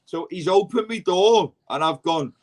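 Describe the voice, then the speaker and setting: A man's voice: sits high, measured pace. Scouse male host, chatty and slangy, spins long anecdotes with quoted dialogue. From Liverpool. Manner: rambling, slangy, quoting others in dialogue. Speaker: podcast host. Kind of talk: casual storytelling chat.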